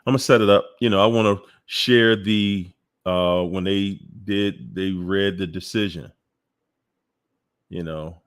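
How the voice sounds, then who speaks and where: A man's voice: sits low, steady tone, clear, resonant tone. A man hosting a casual call-in livestream, chatty and exclaiming as he sets up clips. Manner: slow, chatty, exclaims and laughs often. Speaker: host.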